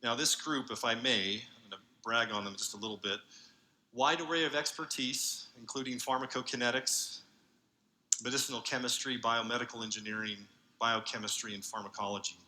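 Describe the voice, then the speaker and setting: Earnest bright-voiced man giving a keynote. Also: medium pitch, fairly even intonation, poor audio. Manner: earnest, halting with frequent fillers. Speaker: convention speaker, university researcher. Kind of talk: conference keynote talk. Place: large convention hall.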